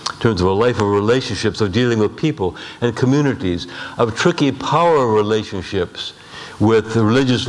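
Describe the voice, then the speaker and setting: A male pastor preaching a sermon, measured, slowing down for emphasis and asking rhetorical questions. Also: medium pitch. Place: church sanctuary. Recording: long hall reverb.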